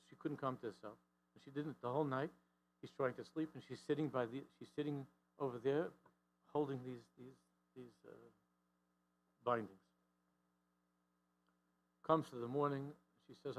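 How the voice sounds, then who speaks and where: A rabbi giving a talk tells a story-driven sermon at a moderate pace with long pauses, animatedly voicing the characters' lines with rising pitch and force. He frequently restarts and repeats words. The recording is rough, with slight background noise.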